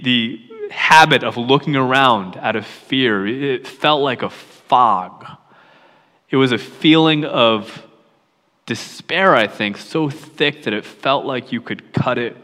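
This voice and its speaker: A middle-aged man preaches and tells a personal story, his voice bright and forceful. At times he sinks to a hushed near-whisper. The sound rings with the long reverb of a large hall. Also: mid-range voice. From York, Pennsylvania, USA.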